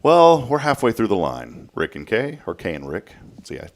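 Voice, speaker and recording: A man, hosting a morning talk show from a local studio. His low voice swings widely in pitch as he tells a story with animated energy, now and then acting out voices. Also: moderate pace. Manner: animated storytelling, acts out a child's voice. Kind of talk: casual studio chat.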